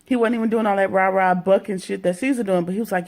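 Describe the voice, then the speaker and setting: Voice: medium pitch, steady tone, quick pace. A reality TV reviewer giving a casual, slangy recap, retelling scenes in mock quotes with plenty of profanity.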